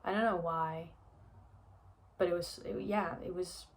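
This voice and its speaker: A woman's voice: fairly low pitch, fairly even intonation, measured pace. A young woman telling a personal story in a chatty vlog, with lots of fillers and frequent laughs. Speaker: vlogger.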